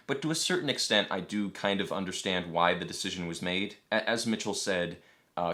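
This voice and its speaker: A man hosting a casual podcast discussion, explaining his points in a measured way and putting questions to the others. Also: low-pitched, fairly bright tone. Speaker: podcast host.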